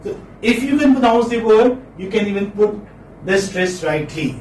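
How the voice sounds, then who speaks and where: Male phonetics lecturer, high voice, distant mic, faint hiss, patient and repetitive. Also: lively intonation, a little mellow. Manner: repeats words slowly, asks "hmm?" to check students. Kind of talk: classroom lecture. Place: classroom. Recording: echoey room, mic from afar, faint noise.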